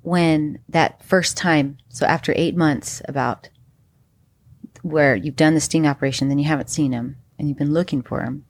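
A woman's voice: sits low, fairly even intonation, moderate pace. A woman joining the conversation to ask her husband a follow-up question in a casual tone. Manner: chimes in briefly, asks follow-up questions. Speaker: co-guest, his wife. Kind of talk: casual chat.

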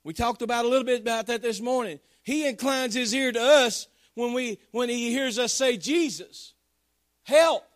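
A man preaching with fervor, his voice pitched high above most men. He calls out to the congregation between points and tells his stories in a homey, folksy way. The sound is close and dry, with no room around it. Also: fairly even intonation, fairly quick, hardly any pauses, no room sound. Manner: fervent, Southern-tinged folksy preaching with call-outs to the congregation. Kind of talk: sermon.

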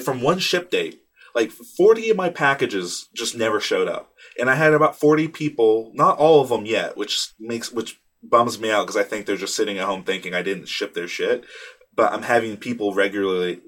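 Youngish guy rambling on his podcast, kinda low voice, lots of ums and cussing, into a little booth mic. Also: fairly bright tone. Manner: rambling, profane, self-deprecating, many fillers and restarts. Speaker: podcast host. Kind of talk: casual solo podcast chat. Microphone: studio microphone in a small booth.

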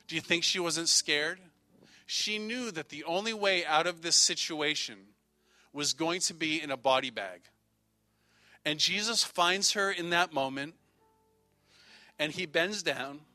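A man's voice: a little high, pushed and bright, dry recording. A man preaching a sermon as pastor, speaking in repetitive, rhythmic phrases.

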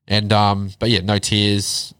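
Man, low pitch, dry close sound, casual storytelling, blunt, swears a lot. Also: slow, clear, resonant tone, no echo. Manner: blunt, heavy swearing, animated retelling. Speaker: podcast guest.

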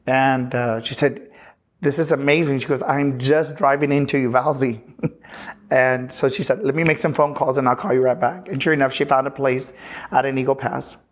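A pastor from Texas telling his personal testimony in an earnest, halting way, often restarting sentences and retelling conversations. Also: mid-range voice, steady tone. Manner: earnest, halting, with frequent restarts and retold dialogue.

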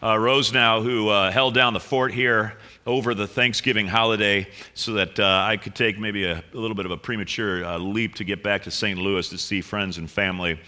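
Middle-aged pastor guy, super bright voice, chatty and jokey with lots of ums, big church echo. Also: on the low side, moderate pace, hardly any pauses. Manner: relaxed, joking, with fillers and restarts. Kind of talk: sermon opening with prayer and chat. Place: church sanctuary. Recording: long hall reverb.

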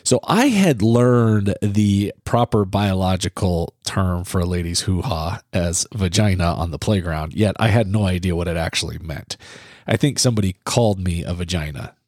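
On a parenting podcast he co-hosts, a middle-aged man from the US Midwest animatedly and casually recounts a childhood story at his own expense. He has a low voice and speaks at a normal speed. The sound is clean studio audio with no room noise.

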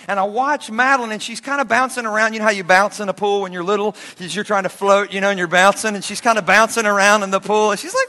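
A middle-aged male pastor preaching a sermon, telling stories with animated energy and bursts of shouting. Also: high voice. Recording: long hall reverb.

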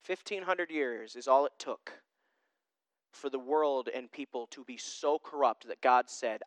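A young man preaching a sermon as a pastor, conversational and self-deprecating, with lively asides. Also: medium pitch, measured pace, clean tone, dry recording.

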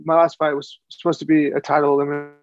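Gravelly man rambling in casual chat. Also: fairly high pitch, level tone, very fast, muffled recording. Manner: rambling, repeats words while thinking. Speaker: podcast co-host.

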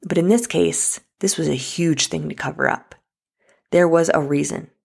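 A woman talks straight to her viewers, telling a personal story in a loose, chatty way. Her voice sits low and has a gravelly fry. She restarts her sentences often and fills them with "like.". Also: normal speed, a little mellow. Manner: chatty, many likes and restarts, addresses viewers as guys and y'all. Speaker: vlogger.

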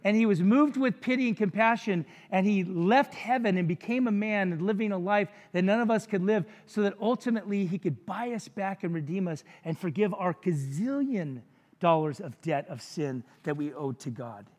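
High-voiced preacher in a reverberant hall. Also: male voice, expressive, normal speed, a little mellow. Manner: conversational, jokey preaching with frequent asides. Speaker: pastor. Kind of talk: sermon.

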